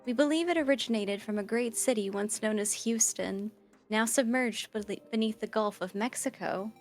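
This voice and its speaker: A woman's voice: a little high, moderate pace, faint music behind, natural voice. A woman reading as a creepy cheerful research AI. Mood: chirpy. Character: creepy female research AI, chirpy and odd. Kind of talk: reading game dialogue aloud.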